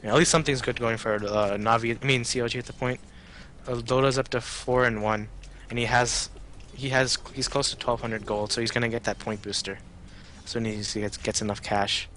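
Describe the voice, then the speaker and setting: A man giving color commentary on a game over a choppy internet call, pausing and restarting often. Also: mid-range voice, fairly even intonation, a bit bright, a little hiss or hum. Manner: halting, restarts and filler words. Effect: choppy internet call audio. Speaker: esports co-caster.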